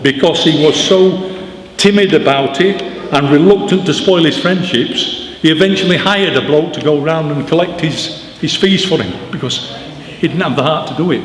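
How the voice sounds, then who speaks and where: A man giving an animated, informal talk to an audience at a book launch, telling stories with emphatic asides. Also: a little high. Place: church hall. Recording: echoey church with long reverb, faint noise.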